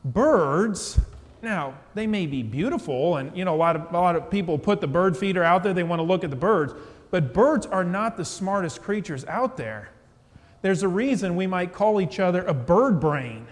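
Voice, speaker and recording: A man's voice: sits high, lively intonation, normal speed. A male pastor preaching a sermon in a church, chatty and conversational, often putting questions to the congregation. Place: church with pews. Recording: long church reverb.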